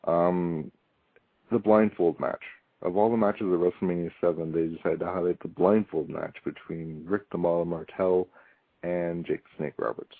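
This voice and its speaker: A deep-voiced man talks through a casual solo review, rambling with lots of ums and dry, wry asides. His voice comes through a tinny, phone-like line. The sound is flat and dead, with no room around it. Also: normal speed, no echo. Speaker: podcast host reviewing wrestling.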